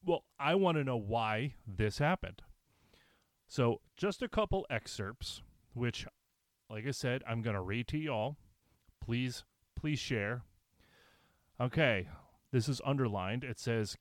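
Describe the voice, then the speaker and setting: A man's voice: medium pitch, expressive, slow, long pauses, no echo. A man vlogging, reading aloud and commenting in a blunt, profane, indignant way with sarcastic asides.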